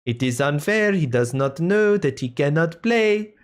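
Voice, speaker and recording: A man's voice: a little high, expressive, measured pace. A man voicing an indignant game child with a drifting, put-on French accent, reading the lines aloud. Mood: pleading.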